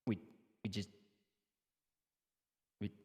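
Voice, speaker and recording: A man's voice: extremely slow, big-room sound. A man chatting casually on a live stream, rambling and stammering through restarts as he picks the next song.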